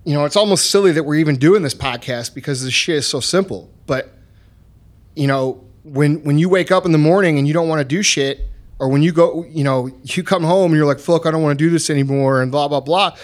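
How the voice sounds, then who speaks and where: A man hosting a motivational podcast who talks bluntly and swears freely. His voice sits a little high for a man. He hammers each point home with force. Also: fairly quick. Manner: blunt, profane, emphatic. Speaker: podcast host.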